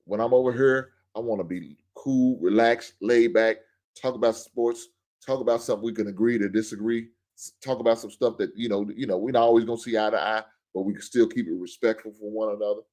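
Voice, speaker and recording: A man with a low voice rants bluntly as the host of his own show, joking between points. He talks in a loose, casual monologue. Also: fairly even intonation, brisk, a little mellow. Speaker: podcast host.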